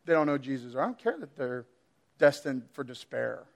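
A man's voice: medium pitch, big pitch swings, a little fast, vocal fry. A man preaching a sermon, laughing often and acting out his pets in put-on voices.

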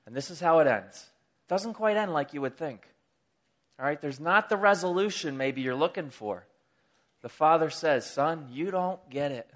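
A man preaching a sermon, retelling a story in a lively, casual way with chatty asides. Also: normal speed. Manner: animated storytelling, pitch rising with excitement.

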